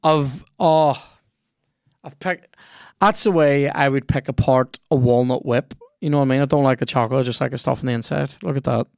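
A podcast host plays a video game and chats casually, cursing freely and reacting aloud to the match. His gravelly voice sits at an ordinary middle pitch with fairly even intonation, and he talks briskly. The recording is close and dry, with no room sound.

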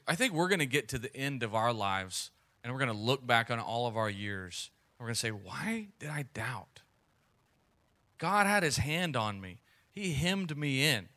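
A man's voice: fairly high pitch, bright, forceful tone. A man in his thirties preaching an earnest, conversational sermon, repeating phrases as he goes. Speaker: pastor.

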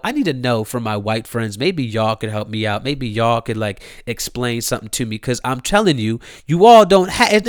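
A man's voice: medium pitch, no echo, clean studio sound. A young man from Maryland, hosting his own show, ranting in a casual, slangy, profane way and repeating his phrases. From Columbia, Maryland. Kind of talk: casual solo rant.

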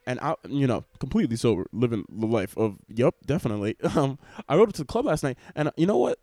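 A young man hosting a podcast, rambling excitably and swearing freely as he records in public on a cruise ship. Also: medium pitch, quick pace, dry recording, studio quality. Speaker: podcast host. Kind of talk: casual podcast chat. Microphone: wearing headphones, laptop recording.

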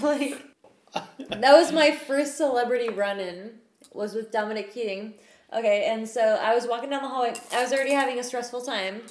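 A woman hosting a casual chat, telling profane, animated stories about meeting celebrities. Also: a little high, a little fast. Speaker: podcast host. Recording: echoey room, faint noise.

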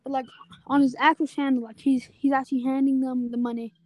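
A woman with a high voice tells rambling stories in a casual chat. She packs her talk with filler words. Her voice comes through a phone with no headset and sounds dry and close. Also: level tone, fairly quick, a little mellow, no room sound. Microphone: phone on a call, no headset.

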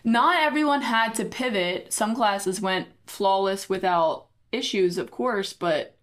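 A woman's voice: mid-range voice, measured pace. A woman co-hosting a podcast, telling a hectic story in casual chat and acting out what people said. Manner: animated storytelling, acting out quoted dialogue. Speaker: podcast co-host.

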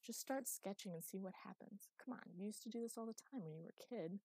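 A woman's voice: mid-range voice, fast, dark tone, slightly rough, dry recording. A woman voicing a weary middle-aged father with dry, self-mocking humor, wry and grumbling. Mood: frustrated musing.

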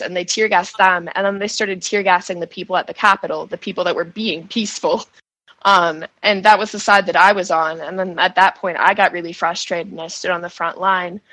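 A shaken woman giving an emotional first-person account as a guest, halting and restarting, with nervous laughs. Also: on the low side, a bit bright, no echo, low-quality recording. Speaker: guest recounting events.

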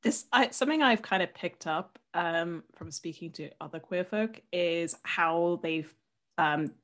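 A woman from Britain with a British accent, in casual podcast chat, telling stories in an upbeat, animated way. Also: fairly low pitch, measured pace. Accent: British English. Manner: storytelling, upbeat, animated quoting.

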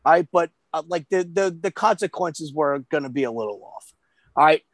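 A man telling a story in casual chat, animated and profane, acting out the voices of the people he quotes. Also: on the high side, fairly quick, no room sound.

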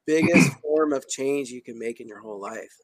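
A man hosting a podcast, talking in a casual, emphatic and excitable way with slang. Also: mid-range voice, normal speed, dry recording. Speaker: podcast host.

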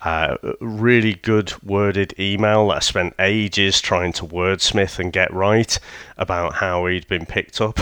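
A man's voice: lowish voice, big pitch swings, unhurried, fairly bright tone, no room sound, studio quality. A man in casual chat, telling a rambling story with swearing and frequent laughter. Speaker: podcast co-host.

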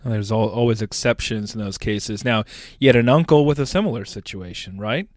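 A man's voice: fairly low pitch, brisk, no echo, clean studio sound. A man hosting an interview, asking probing questions and checking that he has the facts right.

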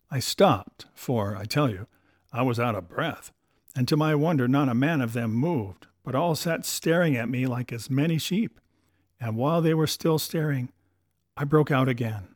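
A man's voice: mid-range voice, normal speed, no echo. Man narrating a story, dry close sound. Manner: first-person storytelling, earnest. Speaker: audiobook narrator. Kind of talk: scripted narration.

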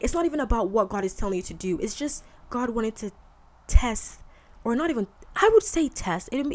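Woman podcast host, mid-pitched, chatty and candid, faith talk. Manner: candid, conversational, colloquial with frequent fillers.

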